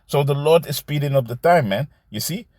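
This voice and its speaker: A man teaching scripture in a loose, conversational way, reading verses slowly and commenting, often adding "man" and "you see". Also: on the high side, a little mellow, no room sound, studio quality. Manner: reads verses aloud slowly, then comments.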